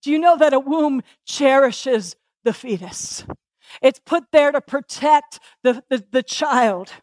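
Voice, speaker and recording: High-pitched woman preacher, fired up, keeps asking the crowd stuff, dry close sound. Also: slow, a little mellow, no echo. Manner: passionate, repeats phrases, asks the congregation questions. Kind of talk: sermon.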